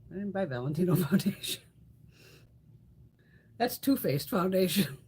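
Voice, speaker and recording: Middle-aged woman, lively swinging pitch, casual livestream chat, swears a lot. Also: a little slow, slightly rough. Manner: animated, swears freely, chats with live viewers. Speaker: beauty livestream host.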